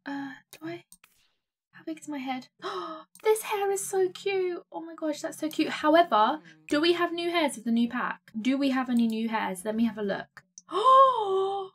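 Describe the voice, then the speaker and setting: A young woman gives casual, excitable commentary while playing a life-sim game, gasping and gushing as she goes. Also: a little high, husky. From England. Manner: gushing, excitable, gasps often. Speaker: gaming streamer.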